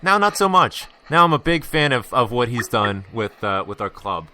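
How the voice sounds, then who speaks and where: A man's voice: medium pitch, sing-song, normal speed, sharp tone. A young American man hosting a casual sports chat, hungover and rambling with lots of fillers and restarts. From United States. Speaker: podcast host.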